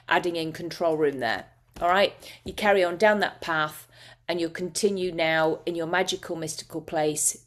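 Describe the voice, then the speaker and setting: A woman's voice: medium pitch, a bit bright. A woman hypnotist teaching a masterclass, talking casually and emotively with frequent restarts.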